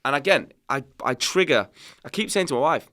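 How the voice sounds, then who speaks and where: Animated man, bright forceful voice. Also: a little high, a little fast. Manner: animated, candid, swears freely. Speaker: podcast guest, company founder. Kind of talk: casual conversational storytelling.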